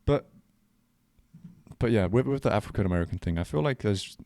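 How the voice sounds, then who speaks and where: Give me a young man with a very deep voice in casual podcast chat, hesitant and rambling, recorded dry. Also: expressive, fairly quick, creaky, dark tone, dry recording. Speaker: podcast co-host.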